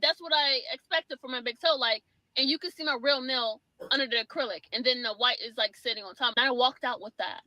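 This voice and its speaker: A woman's voice: high voice, sharp tone, no room sound, poor audio. A young woman telling an exasperated storytime rant about a bad salon visit, casual and full of fillers. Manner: exasperated, quick with many fillers. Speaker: storyteller in a clip.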